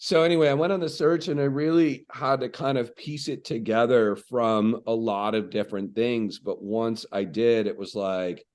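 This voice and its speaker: On a podcast, a real estate coach with a medium-pitched voice shares stories in a lively, chatty style full of fillers. He keeps a moderate pace and pauses very little.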